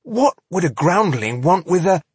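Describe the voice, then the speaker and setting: A man voicing a fierce, cunning female elf warrior who speaks sharply and scornfully, with a husky voice. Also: high-pitched, big pitch swings, moderate pace, darkish tone, no echo, voice pushed up, full character voice.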